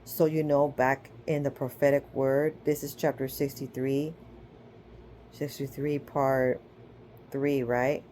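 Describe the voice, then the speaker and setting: Her voice is extremely low and dark, delivered flatly and slowly, with slight background noise. In an informal, chatty spiritual teaching, she acts out quotes while retelling scripture stories and checks in often with "okay?" and "right?".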